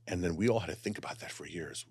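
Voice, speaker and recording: A man who is a psychic and channeler, talking in an animated, expressive way and easing into calm guided meditation. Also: low voice, quick pace, breathy edge, no echo. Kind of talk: casual conversation and guided meditation.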